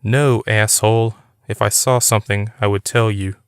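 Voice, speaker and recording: A man voicing a blunt, sarcastic young man, read in a low, clean voice. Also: steady tone, normal speed, clear, resonant tone, dry recording, close to an everyday voice. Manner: dry, sarcastic.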